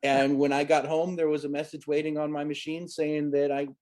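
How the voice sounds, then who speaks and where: Here a former child actor in his thirties, interviewed as a guest, shares amused, rambling stories from his early acting days with many restarts. His voice is a little high and darkish, the delivery flat and brisk.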